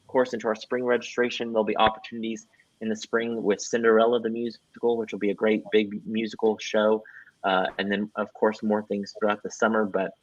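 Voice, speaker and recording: A man's voice: on the low side, little pitch movement, a little fast, no room sound, lo-fi sound. A man hosting a casual livestream interview, upbeat and rambling, chuckling often as he promotes upcoming shows. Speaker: host.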